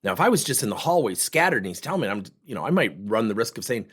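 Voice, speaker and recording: Hyper middle-aged guy telling coaching stories, kinda husky, voice jumps around a lot. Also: medium pitch, rapid-fire, few pauses. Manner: energetic, animated storytelling. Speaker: workplace communication coach. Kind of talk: podcast monologue with acted anecdotes.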